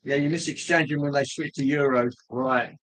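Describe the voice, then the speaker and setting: A man hosting a casual livestream, chatting with viewers in a rambling, jokey way with frequent pauses. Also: mid-range voice, steady tone, fairly bright tone, low-quality recording. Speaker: livestream host.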